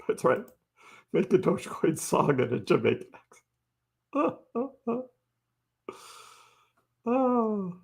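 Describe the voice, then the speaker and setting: A man with a slightly high, creaky, somewhat rough voice hosts a casual crypto live stream. He chats loosely and laid-back, laughing often and answering viewers by name.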